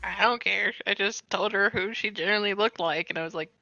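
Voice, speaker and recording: Gravelly, bright-toned woman player. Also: medium pitch, a little fast, dry recording, highs cut off. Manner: casual, uses like a lot. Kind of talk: casual tabletop play.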